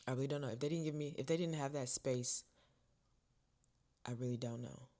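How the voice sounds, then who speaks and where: Speaking a little fast in a bass voice, this young female vlogger recounts something from her own life casually and expressively, alternating between quiet whispers and loud outbursts.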